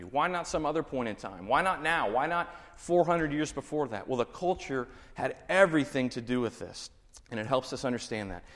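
Texan man, pastor, preaching in a relaxed teaching tone, long hall reverb. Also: medium pitch. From Texas. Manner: conversational teaching with rhetorical questions. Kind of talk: sermon.

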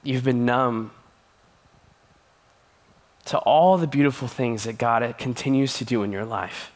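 A man's voice: medium pitch, measured pace. A young man giving a sermon as a youth pastor, earnest and conversational, with playful asides.

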